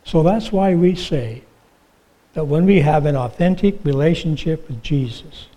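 A man preaching a sermon as a pastor, telling humorous stories and then growing hushed and earnest about forgiveness. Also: fairly high pitch, a little slow. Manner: storytelling with humor, hushed and earnest when turning to God's forgiveness.

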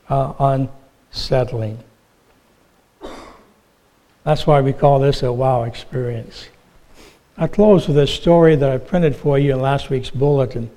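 A man preaching a sermon, telling illustrative stories and asking the congregation questions, with frequent "uh" pauses. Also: a little high, warm tone, low-quality recording. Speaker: pastor.

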